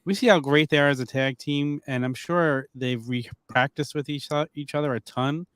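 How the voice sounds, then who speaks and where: A man's voice: on the high side, moderate pace, a bit bright, clean tone, no echo. A man co-hosting a casual wrestling podcast, agreeable and enthusiastic, often answering with short affirmations. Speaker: podcast co-host.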